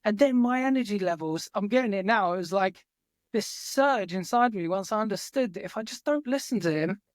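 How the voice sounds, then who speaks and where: A man's voice: sits high, dry recording, clean studio sound. Earnest reflective man telling his story. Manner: earnest, reflective, swears casually. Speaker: guest. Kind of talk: casual storytelling interview. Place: remote farm in Norway.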